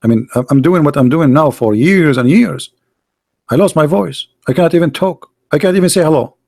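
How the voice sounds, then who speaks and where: A man delivering an argumentative monologue as a street debater, emphatic and scornful, repeating himself and swinging between loud outbursts and low asides. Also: fairly quick, creaky.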